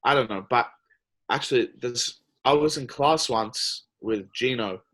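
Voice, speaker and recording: A man's voice: medium pitch, a little slow, a bit bright. Easygoing young Australian man. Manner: easygoing storytelling with frequent "like" fillers. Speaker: basketball player, podcast guest. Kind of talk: casual interview chat.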